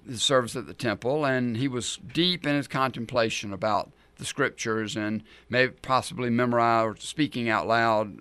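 Middle-aged pastor, chatty sermon, rhetorical questions, crisp and dry. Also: male voice, mid-range voice, pushed and bright, dry recording. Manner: conversational preaching, rhetorical questions.

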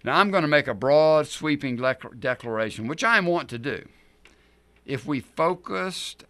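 A middle-aged male pastor preaching a sermon, telling the story in an animated, emphatic way. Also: mid-range voice.

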